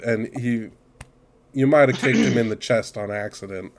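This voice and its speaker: A man's voice: medium pitch, normal speed, noisy background. A man running a tabletop game as game master, joking and swearing casually. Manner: relaxed and joking, swears and laughs.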